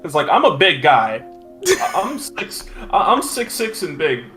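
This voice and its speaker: A man's voice: fairly high pitch, big pitch swings, measured pace, fairly bright tone, faint music behind. A young man, a podcast guest, telling anecdotes in an easygoing way. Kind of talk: casual chat.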